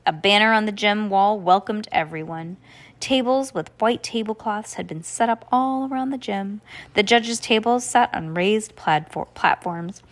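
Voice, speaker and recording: A woman's voice: mid-range voice, measured pace. A woman reading a children's book aloud, with occasional slips and restarts. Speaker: reader.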